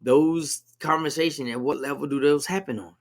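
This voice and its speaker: Gravelly high-voiced man hosting. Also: moderate pace. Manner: emphatic, preachy, asks leading questions. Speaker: podcast co-host. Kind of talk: casual conversation.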